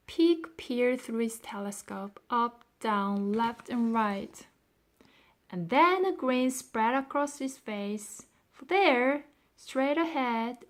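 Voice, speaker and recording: A woman narrating a children's storybook in a slow, expressive way, now and then dropping into soft whispers. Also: a little high. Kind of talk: scripted narration.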